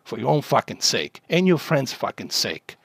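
A man's voice: mid-range voice, sing-song, moderate pace, creaky, fairly bright tone, breathy edge, no echo. A man from Bosnia, a livestreamer, delivering an aggressive, profane rant at a chat troll.

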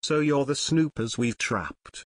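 A man's voice: medium pitch, lively intonation, slow, a bit bright, no echo, studio quality. A man voicing an angry, nervous male crook who snarls curt orders, in an audiobook reading. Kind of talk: audiobook narration.

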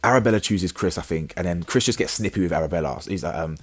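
A man's voice: deep voice, fast, husky. A man with blunt, heavy talk and stumbling restarts, recapping a reality show episode in casual commentary. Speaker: reality TV reviewer.

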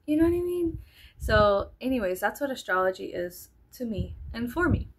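A woman's voice: on the high side, big pitch swings, normal speed, husky. A woman from South Texas vlogging in a casual rambling monologue, chatty and joking, with frequent swearing and sudden drops to a whisper.

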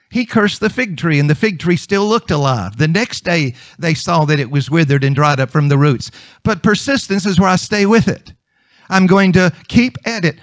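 A man's voice: high-pitched, no room sound. A male preacher delivering a conversational sermon, emphatic and repeating his points.

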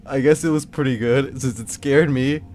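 Young male gamer, jumpy horror playthrough commentary, mid-pitched voice, faint music underneath. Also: fairly even intonation, moderate pace, a little mellow. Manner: jittery, swears, yelps and talks to himself when scared. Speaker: gameplay youtuber.

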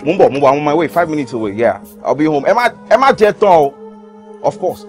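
An affectionate young son with a Nigerian accent, coaxing and teasing his parents in a low voice. His pitch swings freely as he sweet-talks them. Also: expressive, normal speed, darkish tone, faint music behind. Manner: playful, sweet-talking, mixes English and pidgin with Yoruba. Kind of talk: film dialogue.

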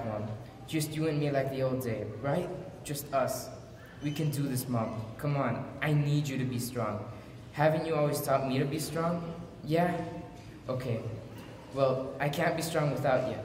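A male performer gives a teenage son, desperate and earnest, pleading with his mother in a stage monologue, his voice sitting at an ordinary middle pitch. He sounds like he is captured from far off in an echoey hall with a long ringing tail and faint background noise. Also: moderate pace, darkish tone, lightly acted. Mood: tender. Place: school auditorium.

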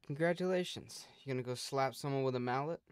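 A woman's voice: rumbling low, fast, a little mellow. A woman hosting a live gaming stream, chatting casually with viewers and teasing them with dry, sarcastic remarks. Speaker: streamer host.

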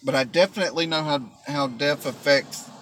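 A man's voice: fairly high pitch, fairly quick, poor audio. A man vlogging from a car, telling a heartfelt personal story in a rambling way with lots of fillers. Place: riding in a car. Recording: loud road noise from a car.

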